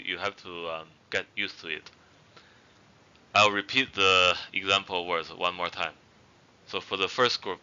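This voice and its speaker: A man's voice: low voice, bright, forceful tone, clean tone, muffled recording. A man giving an online language lesson, explaining patiently with "uh" fillers and saying each example word twice for learners to repeat. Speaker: language teacher.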